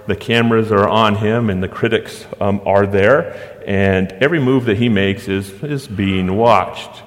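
A man preaching a sermon as pastor, emphatic, with rhetorical questions and dramatic pauses. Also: fairly low pitch, in a large hall.

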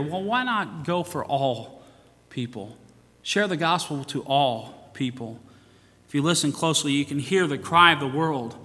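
Pastor preaching in a reverberant church. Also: male voice, fairly high pitch, moderate pace, pushed and bright. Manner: preaching with rising emphasis and scripture quotes. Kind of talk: sermon.

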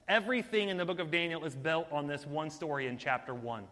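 A man preaching a sermon in an energetic, conversational way, talking straight to his listeners. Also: a little high, fast, in a large hall.

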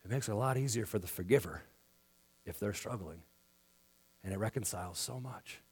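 A man preaching a sermon in a church, acting out quoted dialogue and swinging between loud passages and hushed ones. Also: fairly low pitch, a little fast, husky. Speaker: pastor.

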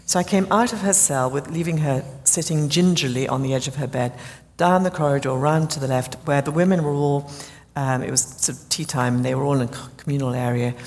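Woman telling a story, deep voice, big hall echo around her. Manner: animated storyteller, rises high in excitement. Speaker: guest, prayer ministry leader. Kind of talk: storytelling interview.

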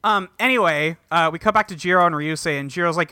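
A man casually recapping an anime plot on a podcast, acting out characters' lines in quick voices. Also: fairly high pitch, pushed and bright, clean tone. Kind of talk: casual chat.

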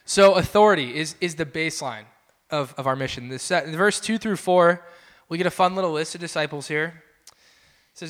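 A young man gives a casual, conversational sermon in a small church. His voice sits a little high and sounds bright and forceful. He talks in a chatty, animated way and acts out the people in his stories. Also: brisk. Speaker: pastor. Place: small church building, indoors.

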